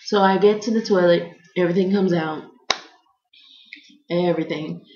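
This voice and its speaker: A young American woman telling a comedic personal story in an animated way, acting out other people's lines in quick voices. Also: fairly low pitch. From United States. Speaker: vlogger. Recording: echoey room, dull lo-fi sound.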